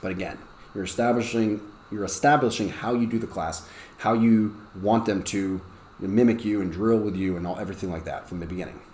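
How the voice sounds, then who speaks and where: A man's voice: lowish voice, fairly even intonation, a little fast, a little mellow. A male ESL teacher talks other teachers through a lesson plan in a conversational way, often checking in with "okay?". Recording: roomy with faint background noise.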